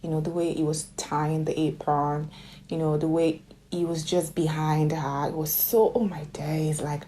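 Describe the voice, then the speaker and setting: Woman, movie recap vlogger, chatty, gushing, sudden squeals, lowish pitch. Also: little pitch movement, moderate pace, dark tone, slight background noise. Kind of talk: casual movie recap storytelling.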